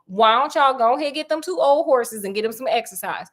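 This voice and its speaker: A woman voicing a worn-out grandmother who orders the children around in a drawling, bossy tone. It is a lively spoken storybook retelling, with the voice sitting a little high. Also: fast talker. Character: bossy tired grandmother shooing kids off.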